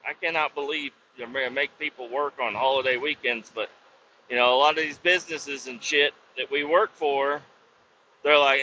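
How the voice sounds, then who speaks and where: Man, podcast host, casual storytelling, heavy swearing, rambling, very bright tone, slightly dull lo-fi sound. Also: medium pitch, steady tone, moderate pace, slight background noise. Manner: rambling, heavy swearing, self-doubting asides. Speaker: industrial cleaning worker.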